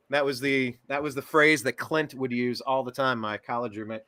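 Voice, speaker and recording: A man hosting a casual podcast chat, joking and animated. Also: medium pitch, moderate pace. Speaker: host.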